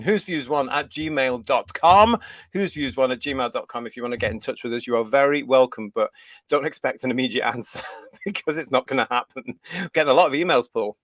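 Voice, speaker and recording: A man's voice: mid-range voice, fairly bright tone, no echo. A British man hosting a live fan show, talking in a teasing, sarcastic way and laughing often. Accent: British English. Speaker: host. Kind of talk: livestream panel chat.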